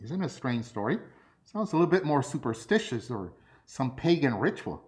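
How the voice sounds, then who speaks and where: A man's voice: medium pitch, moderate pace. A man preaching a sermon, telling personal stories. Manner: lively storytelling, personal anecdotes.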